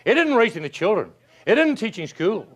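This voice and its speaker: An older man delivers a motivational talk in a high-pitched voice. He is animated and folksy, and he uses rhetorical questions, stories and chuckles to keep his listeners engaged. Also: a little fast. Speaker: motivational speaker. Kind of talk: motivational speech to an audience.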